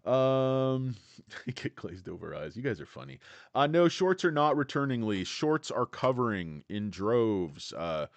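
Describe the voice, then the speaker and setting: A brash man hosts a casual livestream about stocks, speaking bluntly and joking with his viewers. His voice sits at a middling pitch. The sound is dry and close, with no room echo. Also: very animated, a little slow, vocal fry. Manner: blunt, brash, jokey, greets chat viewers. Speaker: livestream host.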